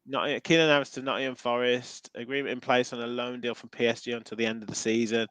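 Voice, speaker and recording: A man's voice: mid-range voice, flat delivery, fast talker, fairly bright tone, no room sound, low-quality recording. A man with a Midlands accent hosting a casual football podcast, chatting and reading out viewer comments with plenty of ums. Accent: English Midlands. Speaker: podcast host.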